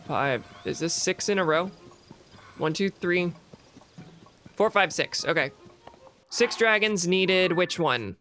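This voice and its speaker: A man streaming a video game, thinking out loud in casual commentary and poking fun at himself. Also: a little high, expressive. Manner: musing aloud, self-mocking, quick laughs. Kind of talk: casual let's-play commentary. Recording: faint game music behind.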